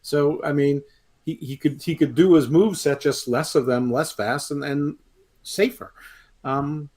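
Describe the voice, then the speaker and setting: A man's voice: on the high side, fairly even intonation, measured pace, darkish tone. Wry opinionated man talking wrestling. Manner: wry, opinionated, playful self-described villain. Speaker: podcast co-host, wrestling pundit. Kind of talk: casual wrestling chat.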